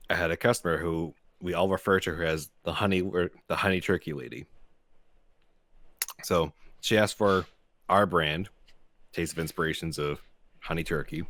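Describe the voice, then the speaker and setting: A man's voice: deep voice, fairly bright tone, no echo. A young man co-hosting a podcast, telling profane stories about his job and laughing often. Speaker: podcast co-host. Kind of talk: casual storytelling chat.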